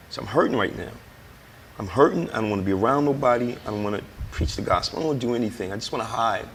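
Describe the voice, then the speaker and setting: A man's voice: lowish voice, rapid-fire, big-room sound, a little hiss or hum. A man, a guest, telling his recovery testimony in an emphatic, preacher-like way and acting out the dialogue he quotes. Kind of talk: personal testimony in conversation.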